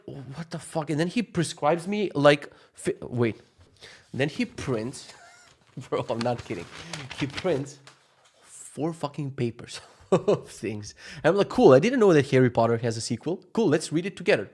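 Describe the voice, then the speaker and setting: Young guy ranting thru a doctor story, swears a lot, jumps into voices, kinda high for a guy. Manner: animated, profane, acts out quotes in shifting voices. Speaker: vlogger. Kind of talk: casual storytelling.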